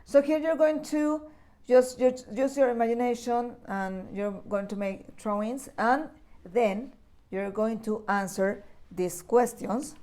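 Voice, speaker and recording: A woman's voice: fairly high pitch, steady tone, slow pace, dark tone. A woman teaching English grammar to young children, talking patiently and repeating key words with frequent checks. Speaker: primary school English teacher. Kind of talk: recorded class lesson for children.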